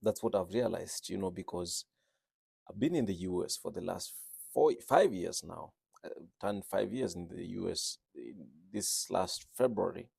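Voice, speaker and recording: A man's voice: deep voice, measured pace, vocal fry, darkish tone, breathy edge, dry recording. A man working as a registered nurse, English not his first language, talking earnestly and repeating phrases for emphasis. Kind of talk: reflective talk on speaking with an accent.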